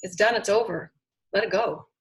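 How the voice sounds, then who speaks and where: A woman delivers an inspirational spiritual talk in an earnest, heartfelt way. She leans on repeated affirmations, rising with energy and then sinking to a near hush. Her voice sits at an ordinary middle pitch. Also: moderate pace, vocal fry, low-quality recording. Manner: earnest, repetitive affirmations, swelling and dropping to soft. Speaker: spiritual channeler and host.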